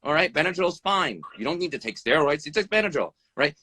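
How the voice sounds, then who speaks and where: A man who is an emergency room doctor rattles off blunt advice at speed, with a bright, slightly husky voice. He swears freely and keeps asking "right?", and his pitch swings up and down. The sound is dry and close, like a phone on a live video call. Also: fairly quick, no room sound. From United States. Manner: animated, pitch jumps up and down. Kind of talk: interview over a live video stream. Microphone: phone or video call mic.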